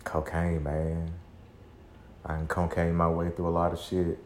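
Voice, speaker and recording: A man's voice: sits low, completely flat delivery, unhurried, a little mellow. A man hosting a solo confessional podcast at home, rambling and introspective, cursing freely and trailing off with sighs. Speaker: podcast host. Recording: roomy echo, faint background hum.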